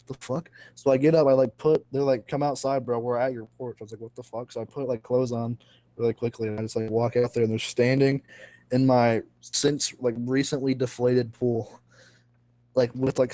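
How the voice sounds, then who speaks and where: A man's voice: mid-range voice, level tone, a little fast, mellow, no echo. A teenage boy co-hosting a student podcast, laid-back, filling in details in casual chat. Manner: laid-back, chuckles along, fills in details.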